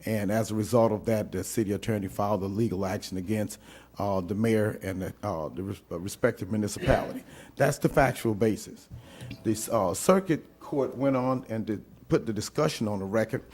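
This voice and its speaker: A man's voice: lowish voice, darkish tone. Man reading legal text aloud. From St. Landry Parish, Louisiana. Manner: deliberate, reads legal text aloud with frequent "uh" fillers. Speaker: city attorney. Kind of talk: formal legal presentation at a council meeting.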